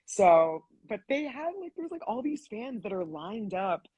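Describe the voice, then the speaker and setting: A young woman being interviewed as a guest, telling stories in a chatty, animated way with lots of fillers. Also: medium pitch, moderate pace, husky, no echo. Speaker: voice actress guest. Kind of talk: casual live-stream interview.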